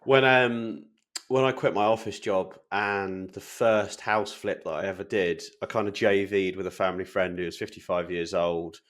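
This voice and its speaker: Deep-voiced English podcast co-host. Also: male voice, steady tone, moderate pace, a bit bright. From England. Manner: rambling anecdotes with many fillers. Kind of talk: casual chat.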